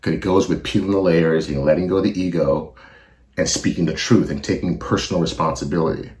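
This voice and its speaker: A man's voice: sits low, fairly even intonation, a little fast, darkish tone, roomy sound. A middle-aged man hosting a podcast, talking bluntly and emotionally with heavy swearing in a confessional monologue. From California. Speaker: podcast host.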